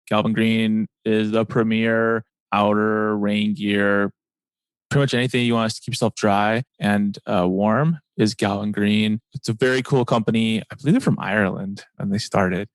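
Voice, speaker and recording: A man hosting a casual golf-brand podcast, his fairly low voice recorded dry and close. He jokes around and gets excited, talking in quick bursts. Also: clean tone, no echo. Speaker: podcast host. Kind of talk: casual interview chat.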